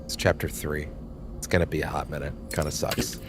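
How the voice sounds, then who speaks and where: A man's voice: rumbling low, flat delivery, brisk, background noise. A young man giving casual, rambling commentary while streaming a game, swearing offhandedly.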